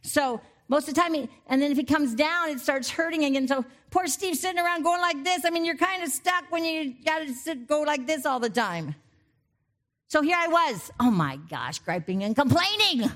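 A middle-aged woman giving a conversational sermon, breaking off into animated asides and personal stories before returning to the text. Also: high-pitched, normal speed. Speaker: preacher.

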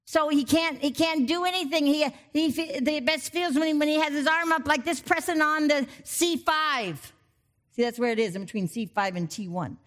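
A middle-aged woman giving a conversational sermon, breaking off into animated asides and personal stories before returning to the text. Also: high-pitched, moderate pace. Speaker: preacher.

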